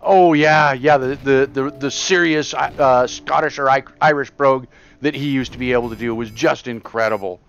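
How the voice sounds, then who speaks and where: A man's voice: medium pitch, steady tone, moderate pace, fairly bright tone, clear, resonant tone. A man chatting in an easygoing way while playing a game, laughing often. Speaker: gamer co-streamer. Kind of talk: casual chat while gaming.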